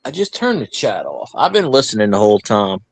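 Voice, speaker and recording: A man joining a livestream call, talking in a joking, deadpan way. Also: on the low side, a little fast, no echo. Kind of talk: casual livestream chat.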